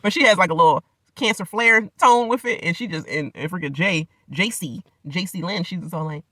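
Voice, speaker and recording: Bright, slangy man recapping reality TV. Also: high voice, a little fast, no room sound. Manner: loose, slangy, rambling, laughs often. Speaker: reality show recap vlogger.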